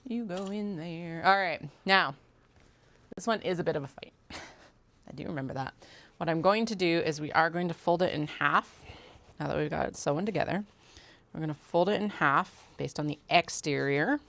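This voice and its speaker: Low, gravelly-voiced chatty woman. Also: moderate pace, fairly bright tone. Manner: chatty, talks herself through steps, mutters and swears casually. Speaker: sewing livestream host. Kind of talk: casual chat while sewing.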